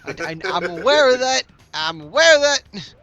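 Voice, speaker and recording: High, bright-voiced excitable young-sounding man. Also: normal speed. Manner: excitable, stammering, shouts at the game. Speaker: game player. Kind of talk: casual live-stream chat.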